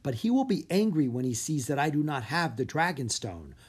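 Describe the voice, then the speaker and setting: A reader voicing a serious, polite young boy who speaks formally and softly. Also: mid-range voice, sing-song, brisk, slightly rough.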